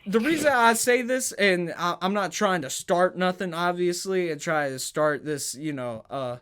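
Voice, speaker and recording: A man's voice: high voice, moderate pace, fairly bright tone, smooth. A man hosting a sports podcast, arguing heatedly, stammering and restarting, pressing home his points with rhetorical questions. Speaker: podcast host.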